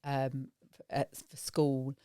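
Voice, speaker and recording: A woman's voice: extremely low pitch, level tone, slow, dark tone, clear, resonant tone, no room sound, clean studio sound. A woman co-hosting a parenting podcast, talking in a thoughtful, reflective way with laughs and restarts. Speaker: podcast co-host. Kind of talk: casual parenting chat.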